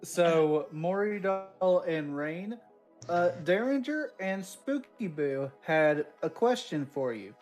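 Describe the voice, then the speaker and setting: A woman's voice: fairly low pitch, animated, takes it slowly, a little mellow, faint music behind. A woman co-hosting a podcast, unhurriedly reading out listener questions in casual chat. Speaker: podcast co-host.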